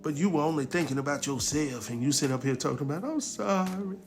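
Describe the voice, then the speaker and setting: A man casually recapping a TV episode, acting out the characters' lines in a lively, slangy way. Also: medium pitch, fast, over music. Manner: animated storyteller, acts out quotes, slangy. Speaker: TV recap host.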